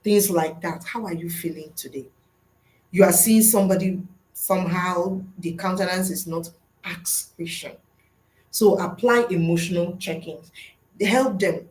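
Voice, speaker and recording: A middle-aged woman with a fairly low voice teaches fellow educators in a webinar. She is earnest and teacherly, posing questions and then answering them herself. Her voice rings a little in an echoey room. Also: darkish tone. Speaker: school psychologist and webinar teacher.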